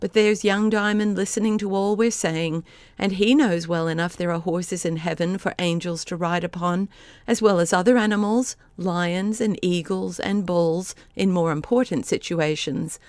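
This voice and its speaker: A woman's voice: fairly low pitch, steady tone, moderate pace, darkish tone, no room sound, close to an everyday voice. A woman voicing a sly, vain young male horse with a smug, lofty manner, read for an audiobook. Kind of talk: audiobook character voice.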